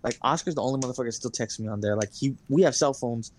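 A man's voice: medium pitch, quick pace, a little mellow, a little hiss or hum. A young man co-hosting a podcast, telling long stories in casual chat, full of fillers and swearing. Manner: rambling storyteller, heavy swearing and fillers. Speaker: podcast co-host.

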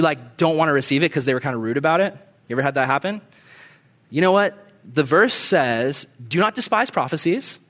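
High-voiced animated young preacher man. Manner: animated storyteller, shouting bursts. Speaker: pastor. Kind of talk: sermon.

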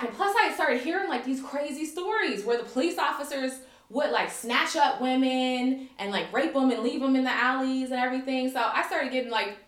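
A young American woman telling a story in animated casual chat, acting out quotes, swearing and laughing often. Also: high-pitched, a little fast. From United States. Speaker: storyteller guest. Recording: echoey room.

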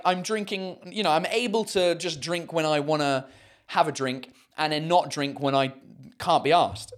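Rambling man chatting. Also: fairly high pitch. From United Kingdom. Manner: rambling, swearing, many fillers. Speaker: host. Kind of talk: casual livestream chat.

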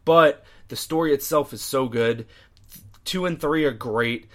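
A man's voice: medium pitch, unhurried. A young man co-hosting a podcast in casual chat, easygoing, agreeable and a little hesitant. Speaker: podcast co-host.

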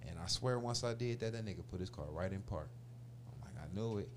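A man's voice: low voice, fairly quick, a little hiss or hum. A man in his forties telling a long story in casual chat, full of slang and swearing, acting out the voices of the people in it. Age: 40s. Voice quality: profane slangy street talk, animated retellings.

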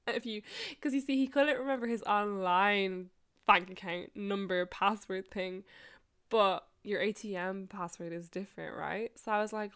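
A woman's voice: mid-range voice, fairly even intonation, unhurried, fairly bright tone, clean tone. A woman in her twenties hosting a podcast, telling personal stories in a chatty way, swearing, laughing often and filling her talk with likes. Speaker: podcast host. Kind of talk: casual storytelling podcast.

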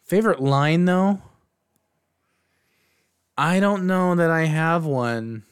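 A young man co-hosting a casual movie review podcast, animated and swearing freely, retelling scenes with quoted lines. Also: a little high, takes it slowly, clean tone. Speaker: podcast co-host.

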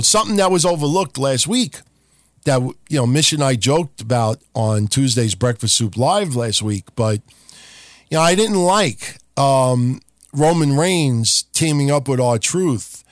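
A male podcast host goes on a casual, sarcastic rant, swearing constantly and doing mocking impressions. His voice is mid-range, and the studio-quality recording has no echo.

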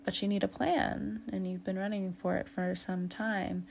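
A woman's voice: mid-range voice, little pitch movement, normal speed, creaky, darkish tone, slight background noise. Chatty woman giving a tarot reading. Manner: chatty, laughs often, calls the listener fam and homie. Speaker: tarot reader. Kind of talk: casual tarot reading to camera.

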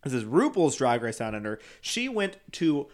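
A man's voice: medium pitch, very animated, moderate pace. Male podcast co-host: campy, chatty and loose, heavy on fillers and swearing. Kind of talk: casual chat.

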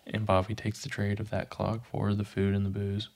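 A man casually recapping a TV episode, narrating scenes and briefly acting out quoted lines. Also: on the low side. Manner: animated, pops into quick character voices for quotes. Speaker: podcast host recapping a TV episode.

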